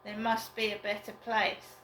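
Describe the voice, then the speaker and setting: A woman rambling slowly and glumly in a casual solo vlog from her flat. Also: medium pitch, slight background noise. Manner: slow, rambling, downbeat musing. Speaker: vlogger. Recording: roomy flat with faint ambience.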